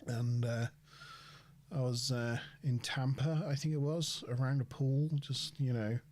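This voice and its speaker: An English man co-hosting a casual live podcast, a laughing storyteller who pauses often with fillers. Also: mid-range voice, fairly even intonation, a little mellow. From England. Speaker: podcast co-host.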